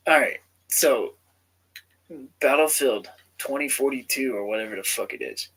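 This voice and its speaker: A man's voice: medium pitch, unhurried, a bit bright, breathy edge, poor audio. A man in his thirties talking casually to camera as a gaming vlogger, rambling and swearing freely. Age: 30s. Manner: profane, rambling, laid-back.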